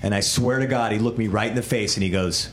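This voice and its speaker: A man performing an animated stand-up comedy set. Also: lowish voice, fast talker, very noisy. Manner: animated, laughing. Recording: roomy club with crowd.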